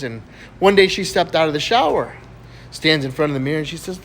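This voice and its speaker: A man runs through a string of dirty jokes in a high voice. His pitch swings widely as he slips in and out of the characters. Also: fast. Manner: animated, voices characters with big pitch jumps. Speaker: joke teller.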